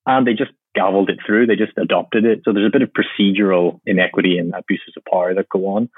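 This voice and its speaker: A man answering interview questions as a climate policy expert, explaining in a measured, lightly wry way. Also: sits low, steady tone, breathy edge, no room sound. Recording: tinny phone-like line, dry.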